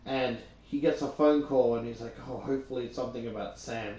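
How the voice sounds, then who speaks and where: Young aussie dude reading a book out loud, kinda rambly, mellow voice, echoey room. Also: male voice, mid-range voice, a little fast. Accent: Australian. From Australia. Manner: loose, rambling, with many fillers and restarts. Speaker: YouTuber reading a book aloud. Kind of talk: casual book reading and retelling. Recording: roomy echo.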